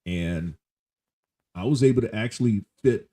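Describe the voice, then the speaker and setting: A man hosting a casual podcast interview, talking in a relaxed way with drawn-out fillers. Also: lowish voice. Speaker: podcast host.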